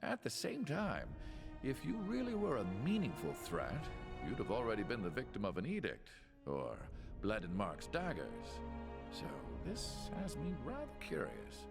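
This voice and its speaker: An actor playing a learned, curious male scholar companion in a video game, speaking in a measured, musing way. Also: medium pitch, huge pitch swings, gravelly, full character voice. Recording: game audio over music.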